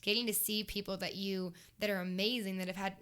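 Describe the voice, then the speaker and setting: Young woman guest chatting away, bright voice, gets real animated with stories. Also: mid-range voice, brisk, clear, resonant tone. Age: young adult. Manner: enthusiastic storyteller, acts out quotes. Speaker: guest, country music artist. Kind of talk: casual interview chat. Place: race shop.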